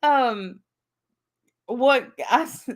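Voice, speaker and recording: A woman's voice: on the high side, extremely slow. A woman hosting a casual livestream, chatting, reading out viewer names and laughing at herself. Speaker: livestream host.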